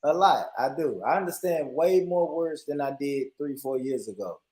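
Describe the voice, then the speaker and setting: American man, casual stream banter, lively swings in pitch, echoey room, self-mocking and giggly. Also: normal speed. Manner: laughing, self-mocking, repeats phrases. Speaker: regular on a live stream.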